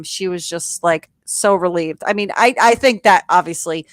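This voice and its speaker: A woman co-hosting a podcast, telling the story of a show in a casual, profane, animated way. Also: on the low side, normal speed, few pauses, no echo, studio quality. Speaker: podcast co-host. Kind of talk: casual chat recapping a reality show.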